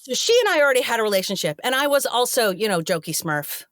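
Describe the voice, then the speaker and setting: A woman's voice: on the high side, quick pace, no room sound, studio quality. A middle-aged actress guest in a casual interview, telling stories and acting out the people she quotes. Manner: animated storyteller acting out quoted voices.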